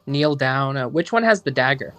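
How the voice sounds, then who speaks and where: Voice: mid-range voice, lively intonation, normal speed, fairly bright tone. Brief: laid-back tabletop player narrating his moves, light music under him. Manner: casual, hesitant, many "uh"s. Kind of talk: tabletop game play.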